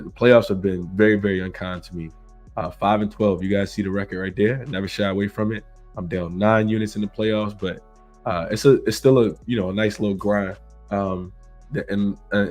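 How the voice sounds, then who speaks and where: A man's voice: low-pitched, darkish tone. A man hosting a sports betting show in casual chat, congested from illness, rambling with many fillers and restarts.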